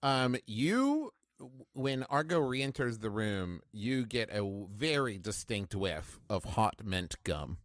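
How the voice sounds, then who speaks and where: A man's voice: on the low side, very animated, slow pace, dry recording, studio quality. A man running a tabletop role-playing game on a live stream, easygoing as he gives rulings. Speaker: game master.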